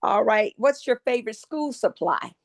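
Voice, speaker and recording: A woman hosting a podcast who asks quick questions in an upbeat, encouraging way. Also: a little high, animated, dry recording, clean studio sound. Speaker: podcast host. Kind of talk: casual podcast interview.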